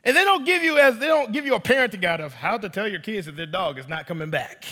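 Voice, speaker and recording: A man's voice: high-pitched, animated, fast, bright, forceful tone, big-room sound. A man in his thirties preaching a sermon in church, telling a story animatedly and addressing the congregation as y'all. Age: 30s. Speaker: pastor.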